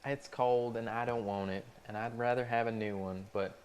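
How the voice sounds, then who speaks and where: This is a man in the middle of a profane rant to his viewers while he cooks. His voice sits at an ordinary middle pitch. He tells his restaurant stories with plenty of exasperation. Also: fairly even intonation, normal speed. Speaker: restaurant cook streaming to chat. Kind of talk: casual livestream rant while cooking.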